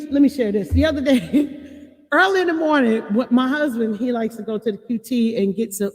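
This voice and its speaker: A woman's voice: high-pitched, a little mellow, in a large hall. A woman hosting a casual talk to her online audience, speaking emphatically, laughing often and asking listeners directly whether they follow her. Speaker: host.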